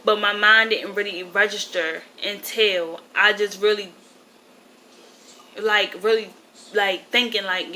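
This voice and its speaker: A woman's voice: mid-range voice, fairly even intonation, slow, pushed and bright, a little hiss or hum, rough recording. A woman in her twenties, upset and grieving, telling a rambling personal story to camera and often correcting herself. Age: 20s. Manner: rambling, emotional, self-correcting. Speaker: vlogger.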